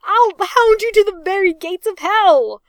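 A man's voice: very high voice, fairly even intonation, slow pace, bright, forceful tone, clean tone, no echo, full character voice. A woman voicing a sullen young man turned pirate who hisses furious threats of revenge. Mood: vengeful.

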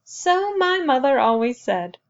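A woman voicing a wise, fierce old woman elder, intoning blessings slowly and solemnly. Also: high voice, big pitch swings, highs cut off, pitched above the performer's own voice, full character voice. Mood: warm, fierce.

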